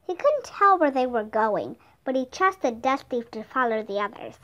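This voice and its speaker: A woman reading a children's chapter book aloud as a steady, careful narrator. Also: high voice, normal speed, muffled recording. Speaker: storybook reader. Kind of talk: scripted narration.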